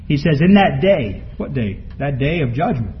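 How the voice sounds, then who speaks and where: Guy preaching a sermon, swells up loud then drops way low, fairly high voice, muffled recording. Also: very animated, normal speed. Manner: preaching from scripture, rising to emphatic peaks then dropping low. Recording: muffled lo-fi recording with faint background noise.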